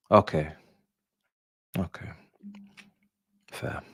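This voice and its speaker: A man's voice: fairly high pitch, lively intonation, a little slow, fairly bright tone, no room sound. A young man hosting a livestream, ranting in slangy, exasperated, muttering casual talk. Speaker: livestream host.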